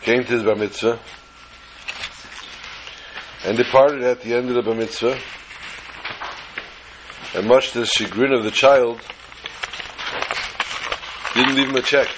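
A man's voice: mid-range voice, steady tone, takes it slowly, long pauses, noisy background. A man giving an informal Torah talk as a religious teacher, rambling and anecdotal, often correcting himself as he goes.

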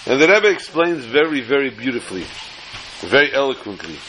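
A man's voice: medium pitch, big pitch swings, fairly quick, a bit bright, a little hiss or hum, low-quality recording. A man teaching a Torah class, telling a long joke in a chatty, joking way and often repeating words. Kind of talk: storytelling lecture.

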